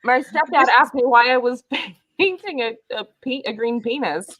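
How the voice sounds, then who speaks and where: A woman's voice: a little high, normal speed, a bit bright, highs cut off. A young woman chatting bluntly and giggling in a casual group video chat, swearing freely.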